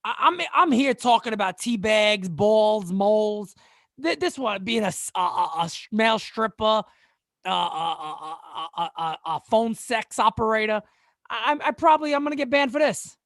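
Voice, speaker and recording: A man's voice: high voice, animated, moderate pace, fairly bright tone, no echo, studio quality. A man hosting a casual sports live-stream chat, joking, laughing often and stammering through repeated words. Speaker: sports channel host.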